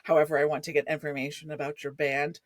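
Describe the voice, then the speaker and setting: A woman's voice: low-pitched, little pitch movement, fast, dry recording. A middle-aged woman hosting a conversational interview, chatty and effusive. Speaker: podcast host.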